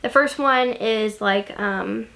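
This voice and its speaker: A woman's voice: mid-range voice, takes it slowly, vocal fry, fairly bright tone. A young woman chatting casually about books she loves, gushing, with lots of ums and likes. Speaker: book vlogger. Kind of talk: casual chat.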